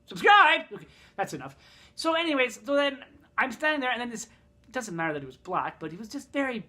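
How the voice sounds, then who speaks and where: A man's voice: extremely high pitch, big pitch swings, fast talker, pushed and bright. A man telling a story in a casual vlog, rambling, swearing and sarcastic, in pain from a broken thumb. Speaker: vlogger.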